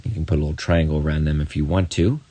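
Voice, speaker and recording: Deep-voiced man teaching a math lesson. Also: fairly even intonation, mellow, breathy edge, no echo. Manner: encouraging, talks straight to the student with quick asides. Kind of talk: recorded video lesson.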